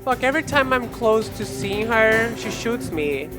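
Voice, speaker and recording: A woman's voice: on the high side, animated, a little slow, over music. Chatty young woman streaming a game. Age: 20s. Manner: chatty, rambling, stumbling restarts. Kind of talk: casual gameplay livestream chat.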